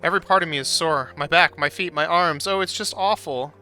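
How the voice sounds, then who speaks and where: A man's voice: fairly high pitch, brisk, sharp tone, pitched above the performer's own voice. A man voicing a sore, whiny little mushroom worker. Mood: weary complaining. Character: weary, sore male mushroom-capped worker, complaining. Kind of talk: reading game dialogue aloud.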